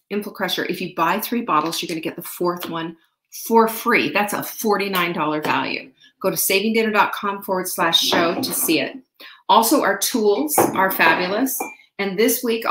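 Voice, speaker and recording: A middle-aged woman hosts a live online show, talking straight to her viewers in a chatty, upbeat, rambling way. Her voice sits a little low, and a roomy echo hangs around it. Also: a bit bright, slight background noise. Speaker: host. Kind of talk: live-stream chat with viewers.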